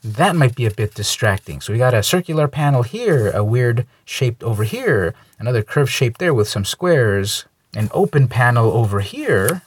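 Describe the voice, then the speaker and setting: Male comic reviewer, husky mid voice, dry close sound, easygoing delivery. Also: mid-range voice, normal speed, few pauses, dry recording. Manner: relaxed, conversational, lightly opinionated. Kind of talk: casual review commentary.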